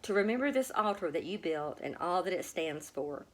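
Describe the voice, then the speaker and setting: Storybook, kind shepherd man, as a woman reader puts him on, soft calm voice, lowered a little. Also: moderate pace. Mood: gentle. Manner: gentle, calm. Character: gentle, kind male shepherd guide.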